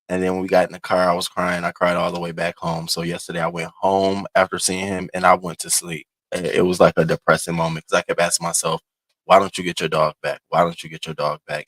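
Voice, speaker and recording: A man's voice: deep voice, a bit bright, no echo. A man hosting a casual morning livestream, chatting openly and greeting his viewers as baby and y'all. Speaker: show host.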